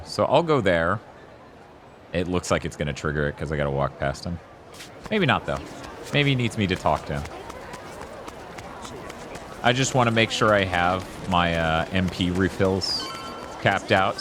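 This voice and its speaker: A low-voiced man streams a video game, offering casual commentary as he plays. He rambles, swears freely and jokes with chat. His voice sits over loud game music, with slight background noise.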